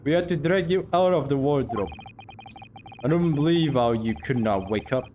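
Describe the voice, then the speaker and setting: A man voicing a gruff male Russian sailor with an attempted Russian accent, speaking in a stiff, menacing way. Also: mid-range voice, expressive, moderate pace, a little mellow, a little hiss or hum, close to an everyday voice. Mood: accusing.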